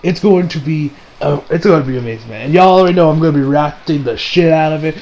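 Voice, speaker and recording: Excitable high-voiced man rambling casually. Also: quick pace, slight background noise, low-quality recording. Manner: rambling, excitable, with slang and swearing. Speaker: anime reviewer. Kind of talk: casual episode review.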